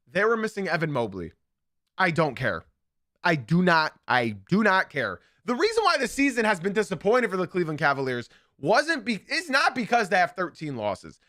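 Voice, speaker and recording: A young man hosts a live basketball podcast, his voice high and bright. He talks in an emphatic, opinionated way and hammers his points through repetition. The sound is dry and close, with no room around him. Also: no room sound. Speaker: podcast host. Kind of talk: live sports podcast commentary.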